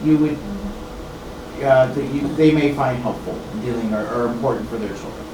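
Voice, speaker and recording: A man, a parent, asks a halting question from the audience at a talk. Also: medium pitch. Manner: hesitant, halting. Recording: echoey room, far from the mic, noisy.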